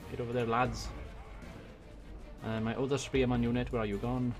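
A man from Wales with a Welsh accent, giving excitable let's-play commentary on a strategy game into a desk microphone, swearing and muttering to himself as he plays. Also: medium pitch, moderate pace, soft background music. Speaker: gaming YouTuber. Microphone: desk USB microphone.

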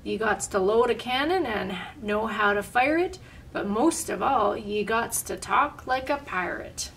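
A gruff, impatient pirate captain roars his boasts in a storybook reading, as a woman puts him on. The voice sits a little high and comes from a distance, with faint room noise behind. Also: expressive, unhurried, exaggerated voice. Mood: boastful. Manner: loud, growling pirate talk.

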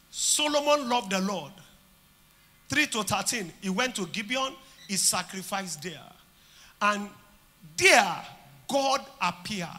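A man with a Nigerian accent preaching a sermon at a church conference, declaring and shouting, then dropping to quieter talk. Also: sits high, in a large hall. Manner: declaring and shouting, swinging between loud and soft. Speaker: pastor.

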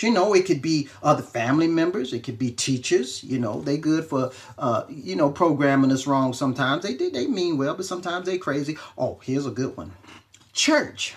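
A man, a reverend and self-help speaker, gives an animated, chatty motivational talk on a live stream, greeting viewers and checking in with them often. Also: on the high side.

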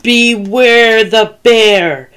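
Big hungry bear, growly and booming, a lady putting it on for a storybook, slow and drawn out. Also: a bit bright, smooth. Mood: growly menacing.

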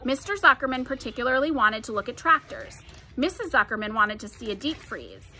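Bright-voiced woman reading a storybook aloud. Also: fairly high pitch, fairly quick, slight background noise. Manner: expressive, gentle storytelling. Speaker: storybook reader. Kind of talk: children's book read-aloud narration.

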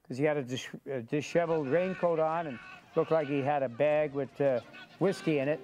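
A man's voice: a little high, a little fast, a little mellow, slight background noise, rough recording. A man telling his own story in an interview, blunt and profane, often tagging "you know". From New York. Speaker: documentary subject. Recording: music under interview. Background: background music.

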